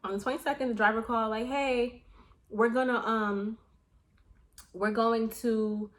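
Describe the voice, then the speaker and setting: A young adult woman vlogger chatting casually to her viewers, telling a story in an animated way with slang and swearing. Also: fairly high pitch, a little slow. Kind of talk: casual chat to camera.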